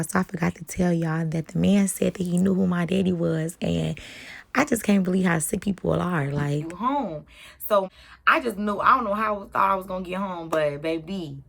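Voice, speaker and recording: A young adult woman telling a personal story to her viewers in an animated, chatty way. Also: fairly low pitch, vocal fry. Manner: animated, talks straight to viewers. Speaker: YouTuber. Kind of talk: storytime vlog.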